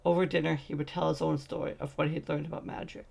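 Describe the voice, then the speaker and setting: A man's voice: a little high, flat delivery, fast, gravelly, darkish tone. A man narrating a fantasy short story as a fan audiobook, reading steadily with occasional slips.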